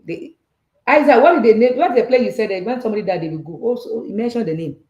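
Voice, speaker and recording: A Nigerian woman with a Yoruba accent hosts a casual finance talk, repeating points and firing off rhetorical checks. Her voice is mellow and warm. The recording has a roomy echo. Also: a little high, quick pace, highs cut off. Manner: animated and repetitive, with frequent rhetorical checks. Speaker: talk show host on personal finance. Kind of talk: casual teaching talk, switching between English and Yoruba.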